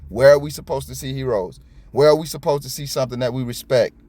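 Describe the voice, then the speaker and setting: A middle-aged man from South Florida giving casual, blunt and profane commentary on a video, talking fast and stumbling over his words. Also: mid-range voice, mellow. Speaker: copwatch commentator.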